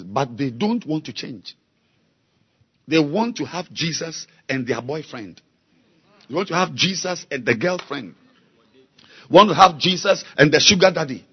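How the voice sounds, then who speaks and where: A man preaching a sermon, slow and emphatic, repeating key words and building to loud exhortation. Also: a little high, husky, lo-fi sound. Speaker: pastor.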